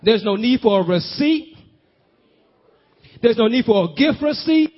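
Preacher, male, high voice, call-and-response delivery, dull lo-fi recording. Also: lively intonation, unhurried, long pauses. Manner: rhythmic, building repetitions. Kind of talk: sermon.

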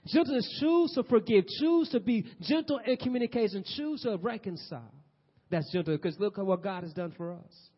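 Man preaching a sermon, loud then hushed, fairly high voice, dull lo-fi sound. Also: lively intonation, moderate pace, husky. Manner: swings from loud urgent exhortation to soft near-whispers. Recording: dull lo-fi audio.

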